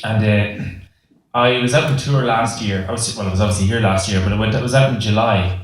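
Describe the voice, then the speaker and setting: On a concert hall stage, a young singer from Ireland banters with the crowd through self-deprecating, jokey stories. He speaks at a quick pace in a lowish voice, while the hall's echo and background music come through.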